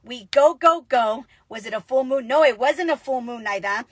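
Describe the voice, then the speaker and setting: A woman giving an energetic, chatty motivational talk as a business coach, telling stories with lots of animation. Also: high-pitched, moderate pace, no echo. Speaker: network marketing coach. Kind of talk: motivational casual vlog.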